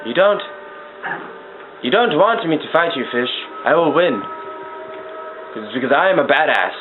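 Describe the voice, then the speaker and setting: A young man giving casual let's-play commentary, excitable and swearing as he talks to the game. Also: on the high side, moderate pace. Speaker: gameplay commentator. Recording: tinny lo-fi mic with noise.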